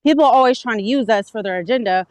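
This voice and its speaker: A woman hosts a casual livestream discussion, speaking emphatically and quickly and swearing freely. Her voice is a little high with a darkish tone. The recording is rough, though without echo.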